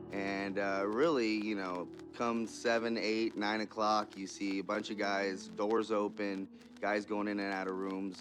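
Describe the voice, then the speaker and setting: A man in his twenties giving halting, reflective testimony about surviving a robbery, in a documentary interview. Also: on the low side, rough recording. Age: 20s. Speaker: survivor telling his story.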